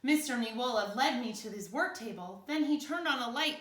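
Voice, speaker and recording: A woman teacher reads a picture book aloud to children with a lively, swooping delivery. Her voice is bright and fairly high. She plays with her listeners as she goes, and the room gives a roomy echo. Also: a little fast. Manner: playful, checks in with listeners.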